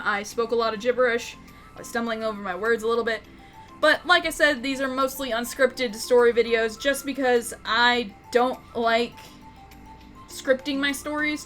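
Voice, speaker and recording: Woman storyteller, high voice, loose unscripted rambling with heavy swearing, faint music under. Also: fairly bright tone. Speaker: YouTube storyteller, game master.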